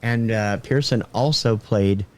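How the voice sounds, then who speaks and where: A man co-hosting a podcast, giving film credits and facts in plain, casual talk. His delivery is matter-of-fact and steady. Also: on the low side, a little slow. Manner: matter-of-fact, reads cast lists. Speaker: podcast co-host. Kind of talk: casual film review chat.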